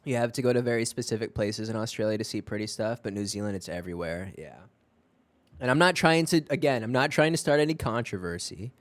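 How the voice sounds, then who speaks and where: A man streaming from home, chatting casually with viewers in a rambling, profane, animated way. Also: medium pitch, dry recording.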